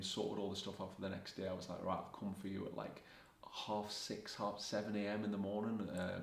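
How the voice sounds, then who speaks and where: A man's voice: deep voice, creaky. A young man, a fashion vlogger telling rambling casual anecdotes and quoting himself and others along the way. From Scotland. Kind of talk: casual storytelling. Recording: echoey room.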